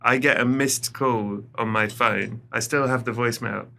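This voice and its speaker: A man who is a podcast guest, telling a story in a casual, animated way. He swears freely and laughs often. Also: mid-range voice, normal speed, gravelly.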